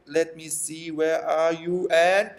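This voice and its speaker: A man giving playful, excitable commentary over a game, taunting his opponents and laughing often. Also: high-pitched, unhurried. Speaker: gaming commentator. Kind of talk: excitable let's-play commentary.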